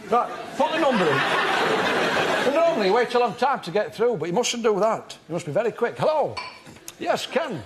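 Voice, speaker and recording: Before a live TV studio audience, a male character comedian takes on the role of a fussy, earnest middle-aged amateur acting tutor, instructing in a pedantic, deadpan, self-important manner. His high-pitched voice keeps a moderate pace amid heavy background noise and audience laughter.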